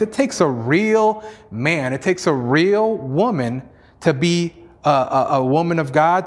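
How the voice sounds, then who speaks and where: A male pastor preaching a sermon in an emphatic, repetitive style, sprinkled with "you know" and small chuckles. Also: fairly high pitch.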